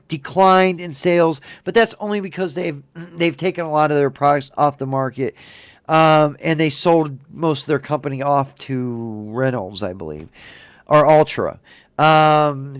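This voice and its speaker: Brief: high-pitched male host, swears freely while ranting over a news item, dry recording. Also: clean tone, no echo. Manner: profane, ranting and indignant. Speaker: show host. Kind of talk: casual podcast commentary reading news.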